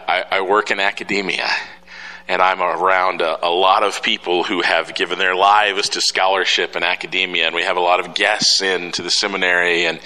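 A man's voice: fairly low pitch, sharp tone. A middle-aged man giving a sermon, telling a story in a conversational way with rhetorical questions to the congregation. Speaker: pastor. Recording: long hall reverb.

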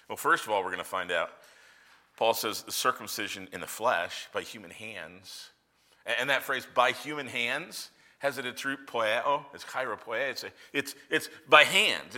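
A male pastor preaches with a bright, forceful and sharply cutting voice. His pitch leaps up and down in a lively way as he swings from casual asides to loud emphatic lines. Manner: animated, conversational preaching with sudden loud emphasis. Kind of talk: sermon.

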